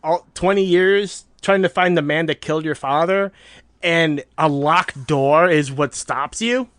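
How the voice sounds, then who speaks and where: A man's voice: a little high, a little slow, dry recording. A man co-hosting a podcast in casual chat, acting out movie quotes with energy. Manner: animated, acts out movie quotes. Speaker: podcast co-host.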